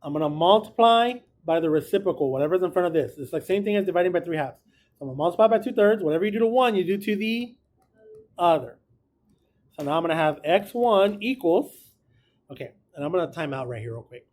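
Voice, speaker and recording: A man's voice: high voice, lively intonation, fast talker, a little mellow. A man teaching a math class, casual and encouraging, talking through each step aloud. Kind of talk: classroom lecture.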